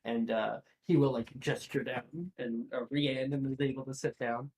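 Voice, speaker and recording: A game master narrating a tabletop role-playing game, halting and filled with ums, uhs and likes. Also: medium pitch, steady tone, darkish tone, low-quality recording.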